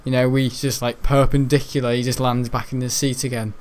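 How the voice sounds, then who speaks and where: A man's voice: mid-range voice, little pitch movement, fairly quick. A man rambling chattily as host of gameplay commentary, with casual swearing and restarts. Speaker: gaming channel host.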